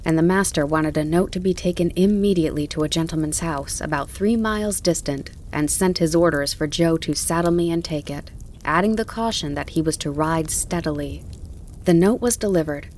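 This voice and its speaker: A woman narrating a classic novel as an audiobook in a measured, even way. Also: lowish voice. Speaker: audiobook reader. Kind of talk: calm storybook narration. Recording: faint crackling campfire behind.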